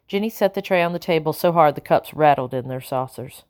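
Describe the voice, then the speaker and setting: Low-voiced woman narrating an audiobook. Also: a little fast, few pauses. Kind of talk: first-person audiobook narration.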